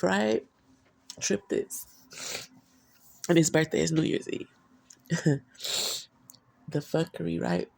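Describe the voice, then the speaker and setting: A woman talks loosely to her phone camera, wandering from thought to thought with blunt, salty slang. Her voice has a gravelly fry and a husky, slightly breathy edge. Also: on the low side, darkish tone. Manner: rambling, candid, profane, Southern US slang. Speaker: vlogger. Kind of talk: casual storytelling to camera.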